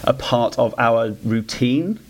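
A man appearing as a guest on a podcast, speaking thoughtfully in measured casual chat. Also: mid-range voice.

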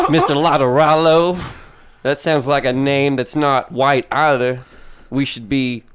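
A man's voice: medium pitch, steady tone, slow pace, long pauses, fairly bright tone, smooth. A man hosting a comedy podcast, doing crude mock news banter and laughing often. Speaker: podcast host.

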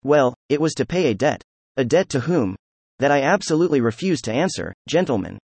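A man voicing an excitable, proud young nobleman under questioning, talking effusively and emphatically. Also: medium pitch, fairly quick, breathy edge, no room sound. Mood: defiant.

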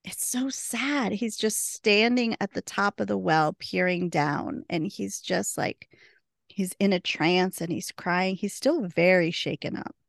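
A woman's voice: medium pitch, measured pace, gravelly, dry recording, studio quality. A woman co-hosting a podcast, retelling scenes in casual chat and laughing often. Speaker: podcast co-host.

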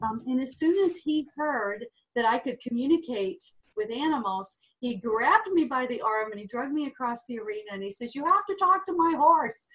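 Woman, interview guest, chatty storyteller, um fillers, fairly high voice. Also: moderate pace, hardly any pauses. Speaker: guest, animal communicator.

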